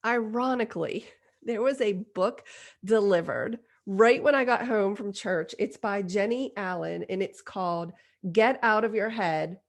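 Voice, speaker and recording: A woman's voice: medium pitch, unhurried. A woman podcast host in her forties telling a personal story in a candid, self-deprecating way. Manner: self-deprecating, confessional, lively retelling.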